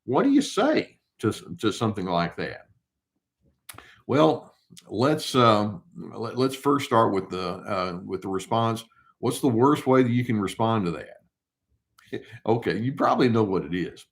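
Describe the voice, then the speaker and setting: Calm older man, lowish voice. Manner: calm and unhurried, answers his own rhetorical questions; acts out short quoted replies in a mock tone. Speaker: therapist answering viewer questions. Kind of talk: casual advice talk.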